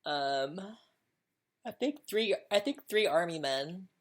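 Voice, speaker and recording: Woman, very low pitch, podcast host, candid, chatty, repeats phrases, casual solo talk. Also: expressive, slow.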